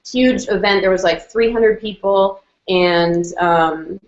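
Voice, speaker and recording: Speaking slowly in a medium-pitched voice, a woman shares a personal story casually on a video call. Her talk is full of "like" and "um," and she performs the quoted lines of others. The video-call sound is muffled and roomy.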